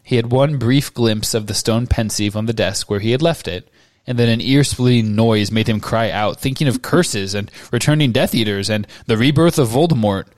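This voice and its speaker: A man co-hosting a podcast, reading a novel aloud in a steady, measured way. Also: mid-range voice, dry recording. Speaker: podcast co-host.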